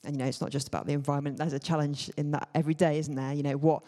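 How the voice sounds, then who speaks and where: A man's voice: a little high, little pitch movement, very fast, mellow. Man preaching casually in a hall. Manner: informal and hedging, many fillers and asides. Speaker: church speaker. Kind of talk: conversational sermon teaching. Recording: long hall reverb.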